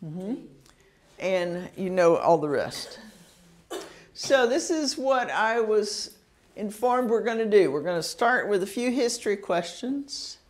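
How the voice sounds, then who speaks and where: A woman's voice: mid-range voice, animated. A woman teaching a citizenship test class, patiently drilling pronunciation and sounding out words syllable by syllable. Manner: slow, patient, over-enunciating words.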